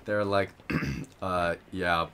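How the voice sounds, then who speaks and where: A man's voice: lowish voice, measured pace, bright, forceful tone, a little hiss or hum. A man rambling through an improvised story with lots of fillers while playing a game with friends. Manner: rambling with many fillers, laughing at himself. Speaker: gamer telling an improvised story.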